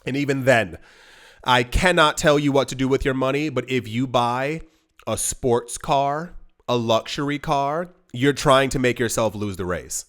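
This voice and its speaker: A man's voice: mid-range voice, a little slow, a bit bright. Emphatic man on a finance vlog. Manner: emphatic, pleading, rambling with restarts. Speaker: crypto investing channel host. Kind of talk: casual direct-to-camera monologue.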